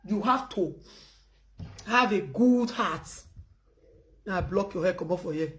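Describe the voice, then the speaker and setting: A woman with a Nigerian Pidgin English accent, hosting a casual live stream, animated and laughing, with loud outbursts between quiet phone chat. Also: mid-range voice, slow.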